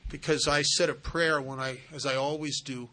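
A man with a bright, forceful tone speaks at a recovery meeting. As a sponsor, he tells a story in an earnest, conversational way, in a voice of middling pitch. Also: fairly even intonation, normal speed.

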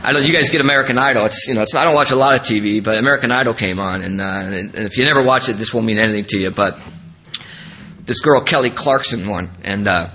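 A man giving an earnest, emotional personal testimony as a speaker at a recovery meeting. He rambles with many restarts and his voice drops low in the sad parts. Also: expressive, fairly quick, sharp tone, slight background noise, poor audio.

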